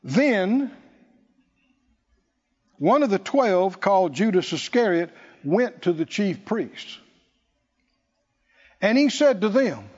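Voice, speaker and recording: A man's voice: high voice, sing-song, slow, long pauses, a little mellow. A man preaching a sermon as pastor, with emphatic delivery that repeats key phrases for his congregation. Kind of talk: sermon with call-and-response. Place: church sanctuary. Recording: dull lo-fi recording with long hall reverb.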